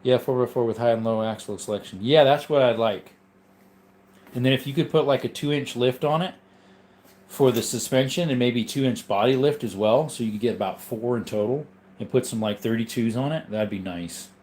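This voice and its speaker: A man's voice: mid-range voice, normal speed, darkish tone. A man hosting a casual livestream, reading viewer chat and answering in an easygoing, rambling way while sleepy and yawning. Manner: rambling, easygoing, with frequent ums and asides.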